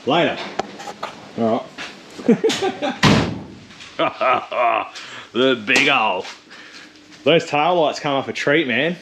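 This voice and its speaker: A man's voice: mid-range voice, expressive, drawn-out words, long pauses, heavy background noise. A man with an Australian accent, chatting and joking casually while working on a car in his shed. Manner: jokey, teasing, chatty. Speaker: channel host. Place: home shed workshop.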